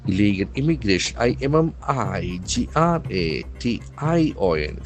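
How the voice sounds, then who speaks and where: A lower-pitched Indian English man runs a newspaper vocabulary lesson, his voice rising and falling in wide swings. He spells words out letter by letter and says each one again slowly for learners to follow. Soft music plays faintly behind him. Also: very animated. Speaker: English trainer.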